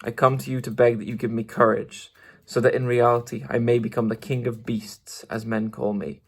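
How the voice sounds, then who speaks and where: A man's voice: medium pitch, flat delivery, normal speed, slightly rough. Man reading as cowardly lion, blustering, boastful, storybook. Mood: earnest.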